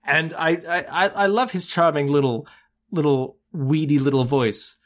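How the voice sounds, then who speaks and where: A man hosting a podcast who recaps a film in an animated way. He swears casually and acts out the characters' lines. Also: fairly high pitch, moderate pace. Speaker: podcast host.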